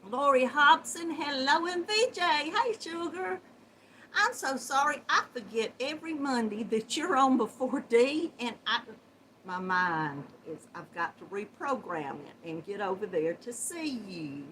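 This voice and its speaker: A middle-aged woman hosts a casual livestream, greeting viewers with warm Southern endearments, chatting, and laughing often despite a runny nose. Her high-pitched voice is animated and a little slow, with slight hiss or hum.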